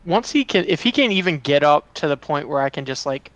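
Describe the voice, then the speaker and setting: A man's voice: fairly high pitch, expressive, brisk, fairly bright tone, no echo, dull audio. A man playing a tabletop game, asking curious questions in a rambling way with many restarts. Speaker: player. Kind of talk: casual tabletop game chat.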